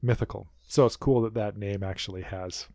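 Chatty man, low voice, dry mic. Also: a little fast, creaky, no room sound. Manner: chatty, rambling, animated retellings. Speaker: podcast co-host. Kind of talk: casual recap chat.

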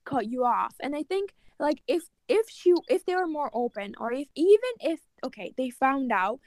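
A woman's voice: high-pitched, big pitch swings, normal speed, a little mellow, no echo. A woman in her twenties, co-hosting a podcast in casual chat, talking emphatically and with empathy. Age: 20s. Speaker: podcast co-host.

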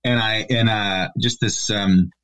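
A middle-aged man chatting as a podcast guest, halting with many restarts and fillers. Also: fairly low pitch, steady tone, fairly bright tone. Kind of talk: casual interview chat.

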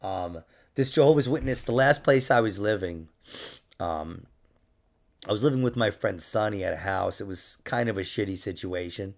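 A man's voice: lowish voice, normal speed, creaky. A young man, a comedian and podcast host, telling stories in a casual chat, laughing often and slipping into mock voices.

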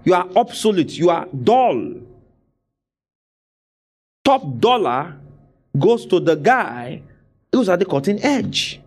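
Male preacher, slightly high voice, drives points home through repetition and asks the congregation to answer back. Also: sing-song, slow, long pauses, a little mellow, faint music behind. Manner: exhorting, call-and-response with the congregation; repeats phrases for emphasis. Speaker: pastor. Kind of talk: sermon.

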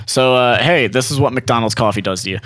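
A man's voice: mid-range voice, fairly quick, a bit bright, no room sound. A man co-hosting a casual podcast, griping in an exasperated, profane way. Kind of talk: casual chat.

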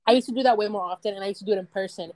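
A woman's voice: medium pitch, rapid-fire, a little mellow, dry recording, rough recording. A young woman in casual chat, rambling and laughing often as she tells stories.

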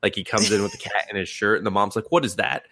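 A man co-hosting a podcast, retelling an anime scene with laughs, swearing and quick voice changes. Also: fairly low pitch, very noisy. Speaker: podcast co-host. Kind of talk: casual chat.

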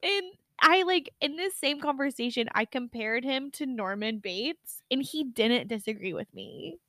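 A young woman co-hosts a podcast, telling stories in casual chat with animated delivery, frequent swearing and plenty of laughter. Her voice is a little high and her speed normal, with no echo.

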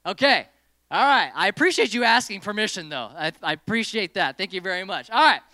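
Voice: medium pitch, animated, fairly quick, pushed and bright, no room sound, studio quality. A youth group leader running a hands-on lesson in a meeting room, playfully giving stage directions to volunteers and the group.

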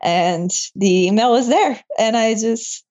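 A woman's voice: fairly high pitch, slow, a little mellow. A young woman guest in an interview, telling her story in a casual, emotional way and laughing often. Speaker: interview guest, medical student. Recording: slightly dull lo-fi sound.

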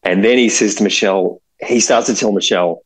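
A man's voice: lowish voice, fairly quick, breathy edge, poor audio. Rambling man telling a story. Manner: animated, rambling, full of fillers and asides. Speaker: podcast host. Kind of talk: casual storytelling.

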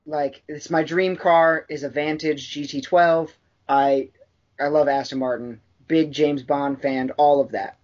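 A man chatting casually on a podcast, rambling from point to point and cursing freely. He fills his talk with "like" and restarts. The sound is a bit dull and lo-fi. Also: fairly high pitch. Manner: rambling, profane, with frequent fillers. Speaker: podcast co-host. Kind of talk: casual chat.

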